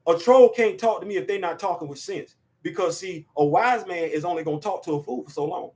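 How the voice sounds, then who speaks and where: A man's voice: high voice, a little fast, darkish tone. A man in his fifties hosting a casual opinion show, talking emphatically and repeating words to drive his points home. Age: 50s. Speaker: podcast host.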